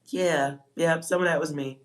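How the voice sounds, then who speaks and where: Woman psychic on a livestream, low voice, blunt, profane, laughs a lot. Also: fairly even intonation, a little slow. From Texas. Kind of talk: casual livestream chat.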